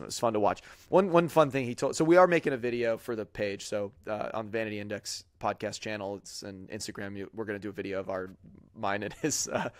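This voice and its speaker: A man's voice: fairly low pitch, dry recording, clean studio sound. A man hosting a podcast, telling a long story in a rambling way with lots of fillers and quoted voices. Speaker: podcast host. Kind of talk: casual chat.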